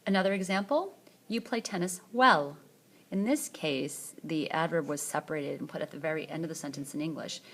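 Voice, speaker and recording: A woman with a slightly low voice teaches a French lesson in a screencast. She pronounces each word carefully and says it twice so students can copy her. Her delivery is patient and instructional. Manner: slow, repeats words twice for the learner. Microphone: tablet screencast.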